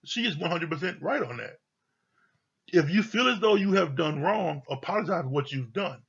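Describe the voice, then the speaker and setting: A man casually recapping and reviewing a reality TV episode, blunt and animated, swearing freely as he retells the scenes. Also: fairly high pitch, a little fast, gravelly, breathy edge, lo-fi sound. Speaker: TV show reviewer.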